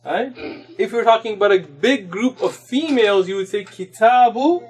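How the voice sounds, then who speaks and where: A man with a fairly high voice leads an Arabic grammar lesson in a mosque classroom. He explains each point patiently, mixing English with Arabic terms. He reads Arabic passages at a quick clip. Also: faint music behind. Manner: recites Arabic text rapidly. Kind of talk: classroom lecture.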